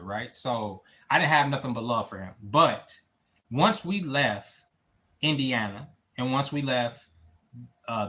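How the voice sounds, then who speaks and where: A man, talking on his own livestream, near tears, halting and repeating words as he speaks to his viewers. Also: mid-range voice, bright, forceful tone. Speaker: livestream host. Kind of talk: emotional personal talk on a livestream.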